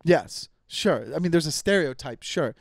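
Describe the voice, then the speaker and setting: A young man on a comedy podcast delivers a casual, profane rant full of stumbles and restarts. He speaks at a moderate pace in an animated, creaky voice on the high side, recorded clean in the studio with no room sound.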